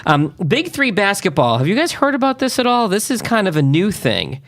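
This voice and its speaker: A man's voice: high voice, huge pitch swings, a little fast, a bit bright. A man co-hosting a casual radio show, running through local sports events in an upbeat way. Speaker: co-host covering sports.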